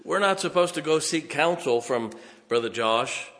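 A man preaches in a homespun, chuckling manner, often pausing to check on his listeners. His voice is a bit high and bright with a forceful edge. It rings with the long echo of a church hall. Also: expressive. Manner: folksy, chuckles often, keeps checking on the congregation. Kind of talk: sermon.

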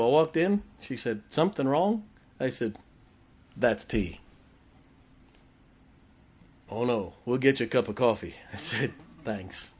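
A man's voice: fairly high pitch, breathy edge. An older man preaching a sermon, telling folksy stories and laughing as he goes. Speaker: pastor.

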